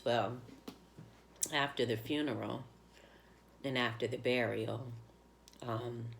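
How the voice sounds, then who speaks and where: A woman's voice: very deep voice, steady tone, slow pace, gravelly, slight background noise. A woman vlogger telling an emotional personal story, heartfelt and rambling, close to tears. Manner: heartfelt, rambling, with many fillers.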